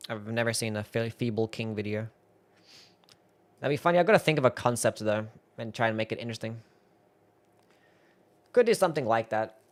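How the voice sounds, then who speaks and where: A young man streaming live and reacting to his own old videos. He laughs often, swears freely and mocks himself. His voice sits at a middle pitch. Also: expressive, brisk, long pauses. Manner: laughing, swearing, self-mocking.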